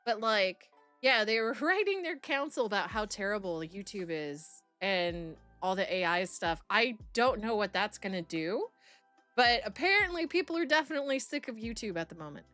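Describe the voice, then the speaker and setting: A woman's voice: mid-range voice, very animated, moderate pace, fairly bright tone, no echo, soft background music. A young adult woman streaming live, chatting casually with her chat in a rambling way and laughing often. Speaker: streamer reacting to videos and reading chat.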